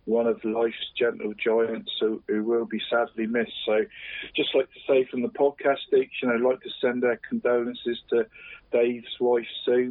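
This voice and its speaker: A man's voice: medium pitch, dry recording. A man co-hosting a podcast in casual chat, rambling with fillers and calling his friend "mate" at every turn. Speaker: podcast co-host. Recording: tinny phone-line sound.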